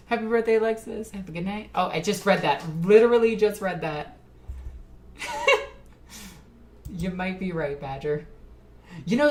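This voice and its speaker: A tipsy woman streamer chatting casually with her live chat, rambling and laughing often. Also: deep voice.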